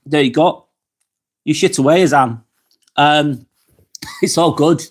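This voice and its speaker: A middle-aged man with a voice on the high side talks slowly as he hosts a relaxed live vlog from his apartment. He reads out viewer comments, speaking candidly and swearing freely.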